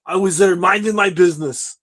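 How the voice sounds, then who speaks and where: A man's voice: sits high, a little fast, a bit bright, pitched above the performer's own voice, poor audio. A man playing a boastful, paranoid vagrant who calls himself the alpha male, in a pompous, self-pitying sketch voice. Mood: indignant. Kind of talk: comedy sketch video.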